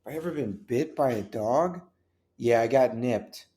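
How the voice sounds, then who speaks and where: A man's voice: medium pitch, expressive, moderate pace, mellow. A man, a comedian and actor, guesting on a chatty podcast and telling rambling, casual anecdotes. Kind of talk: casual chat.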